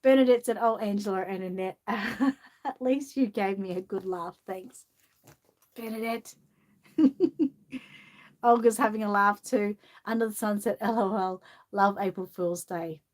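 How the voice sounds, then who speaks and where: Reading a kids' picture book and chatting between pages, this Australian woman speaks unhurriedly in a medium-pitched voice with fairly even intonation. As the channel host, she keeps things giggly and chatty, with frequent laughter.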